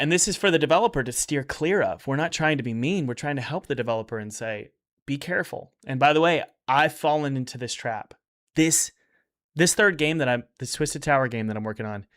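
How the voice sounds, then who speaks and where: A man's voice: mid-range voice, brisk, a bit bright. Rambling man reviewing games on stream. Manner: rambling and upbeat, with many restarts. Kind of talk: casual livestream commentary.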